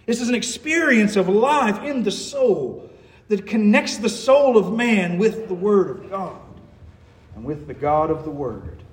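High-voiced man preaching in an echoey church. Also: expressive, measured pace. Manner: earnest, emphatic, rhetorical questions. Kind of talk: sermon.

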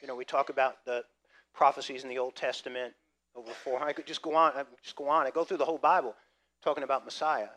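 A man preaching a sermon, lively and conversational, swinging between loud emphasis and quiet asides. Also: medium pitch, fast. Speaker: pastor.

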